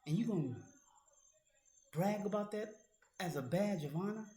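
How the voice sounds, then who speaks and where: A man's voice: high-pitched, animated, normal speed, mellow. A man delivering a heated, profane monologue aimed directly at a critic, as an online commentator. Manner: angry, profane, confrontational, addressing a critic directly. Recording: roomy echo.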